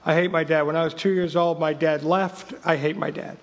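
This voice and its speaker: A man's voice: a little high, fairly even intonation, a little fast, long reverb tail. A man in his fifties, originally from England, giving an emphatic, wryly humorous recovery talk and reading from a book. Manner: emphatic and repetitive, wry humor. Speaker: recovery meeting speaker.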